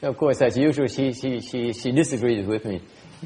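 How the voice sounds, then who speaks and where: A man's voice: medium pitch, moderate pace, mellow. Blunt, teasing male Buddhist teacher in a hall. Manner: blunt and teasing, laughs often, repeats words. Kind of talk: Dharma talk answering questions.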